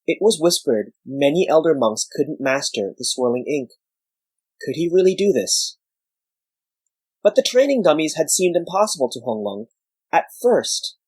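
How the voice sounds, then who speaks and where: A man giving measured scripted narration of a story. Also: on the high side, very animated, darkish tone, breathy edge, no echo, rough recording.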